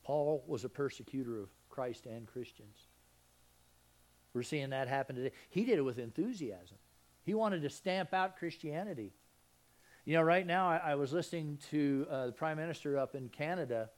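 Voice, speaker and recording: A Southern man delivers a sermon in a plain, folksy way. His voice sits a little high, and he keeps turning to his listeners with questions. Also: normal speed. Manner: folksy, conversational preaching with questions to the congregation. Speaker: pastor.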